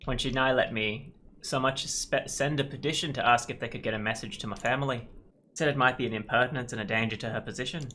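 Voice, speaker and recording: A man's voice: mid-range voice, steady tone, fast talker, sharp tone, a little hiss or hum, lightly acted. A man voicing a teasing young Irish man from a game, reading dialogue aloud in a put-on Irish accent.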